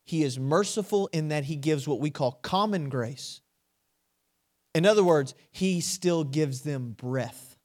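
A male preacher with a slightly high voice delivers a sermon. He keeps asking his listeners direct questions and moves between quiet, intimate stretches and loud, emphatic surges. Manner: dynamic, swings from hushed to loud and emphatic; asks the audience direct questions.

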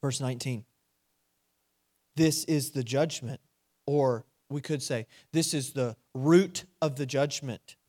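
A male preacher delivering a sermon, asking his listeners direct questions and swinging between hushed and loud, emphatic delivery. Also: medium pitch, slow pace. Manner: asks the audience direct questions.

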